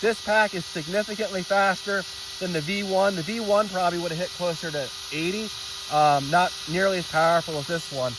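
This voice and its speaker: A man's voice: sits high, steady tone, brisk, background noise. A man hosting a hobby vlog, testing batteries outdoors and thinking aloud as he reads numbers, openly enthusiastic about the results. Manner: enthusiastic, thinking aloud while reading data. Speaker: RC hobby channel host. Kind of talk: casual hands-on testing vlog. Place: outdoors by a road with traffic.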